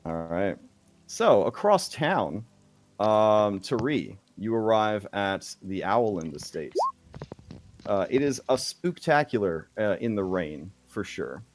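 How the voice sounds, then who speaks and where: A man narrating as game master of a tabletop game, slow and hesitant with many fillers. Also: on the low side, sing-song.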